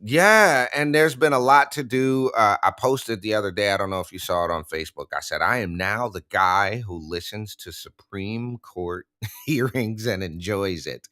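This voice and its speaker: A man's voice: fairly low pitch, normal speed, sharp tone, no room sound, studio quality. Sarcastic incredulous male co-host. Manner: incredulous, reads aloud with sarcastic asides. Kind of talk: casual political talk show banter.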